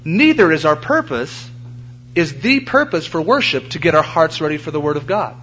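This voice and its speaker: A man's voice: a little high, lively intonation, moderate pace, a bit bright, faint music behind. A man pastor preaching a sermon in a church, earnest and emphatic, stressing his points by repeating phrases. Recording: dull lo-fi sermon recording with faint hum.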